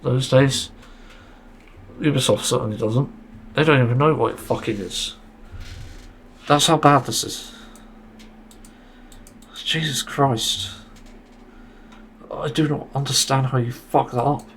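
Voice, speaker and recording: Gravelly podcast host ranting with exasperation. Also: male voice, mid-range voice, normal speed, fairly bright tone, a little hiss or hum. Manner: exasperated, swearing. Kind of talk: solo podcast rant.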